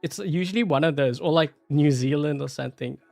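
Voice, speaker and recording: A man's voice: fairly high pitch, brisk, gravelly, darkish tone, no echo, faint music behind. A man with a South African accent giving rambling, casual gameplay commentary, full of fillers and laughing often. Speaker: gameplay YouTuber.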